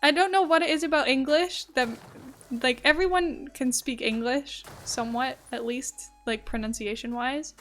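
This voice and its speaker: A woman's voice: high-pitched, fairly even intonation, normal speed, fairly bright tone. A young American woman streamer in casual chat, telling stories, laughing and quoting people as she goes.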